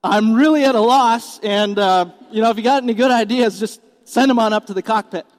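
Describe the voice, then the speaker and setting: A man's voice: high-pitched, fairly quick, long reverb tail, pitched above the performer's own voice, close to an everyday voice. A man voicing a male airline captain on the intercom with drawling, folksy pilot patter. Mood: flustered.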